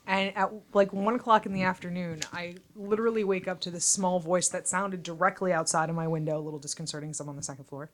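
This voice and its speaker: A woman's voice: on the low side, fairly even intonation, fast talker, hardly any pauses. A woman co-hosting a casual podcast, chatty and laughing often, swearing now and then, talking into a desk mic. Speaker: podcast co-host. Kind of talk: casual chat. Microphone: studio mic at desk.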